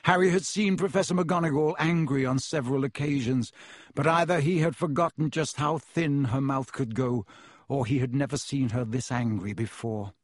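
Male narrator, storybook reading, measured delivery, husky voice, dry close sound. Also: mid-range voice, no echo. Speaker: audiobook narrator.

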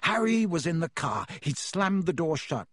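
A man narrating a storybook aloud in a steady, even-paced reading. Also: a little high, moderate pace, no echo, clean studio sound. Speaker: audiobook reader.

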